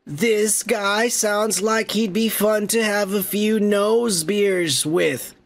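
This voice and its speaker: A middle-aged man with a fairly high, gravelly voice hosts a podcast and reads out viewer comments. He talks in a loose, profane, joking way and breaks off to shout cheers to viewers. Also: steady tone, slow pace. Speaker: podcast host. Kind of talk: casual comment-reading chat.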